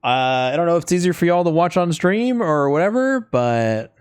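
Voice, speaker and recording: A man's voice: a little high, expressive, moderate pace, smooth, no room sound, clean studio sound. A young man hosting a livestream, chatting casually while fiddling with his stream settings. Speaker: streamer host.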